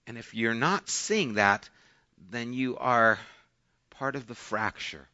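A man preaching a sermon in a bright, forward voice, moving between quiet asides and emphatic points. He reads scripture aloud and then unpacks it in plain conversational talk. The recording sounds a little dull and lo-fi. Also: medium pitch, slow. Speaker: pastor.

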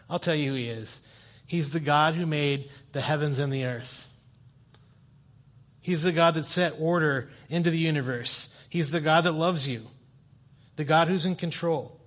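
Guest preacher, male, fairly high voice, relaxed storyteller with a sense of humor. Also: moderate pace, long pauses. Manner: conversational, animated storytelling with self-deprecating humor. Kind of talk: sermon. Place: church sanctuary.

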